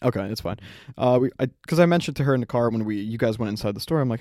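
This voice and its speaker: A man's voice: mid-range voice, racing, darkish tone, no room sound, studio quality. A young man co-hosting a podcast who tells a story in a casual, rambling way. He acts out the quotes and laughs often. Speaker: podcast co-host.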